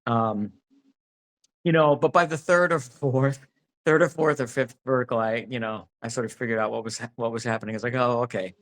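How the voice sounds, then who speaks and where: A man's voice: medium pitch, fairly even intonation, brisk, fairly bright tone. A man being interviewed about his acting work, talking casually and rambling with many restarts. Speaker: actor, interview guest.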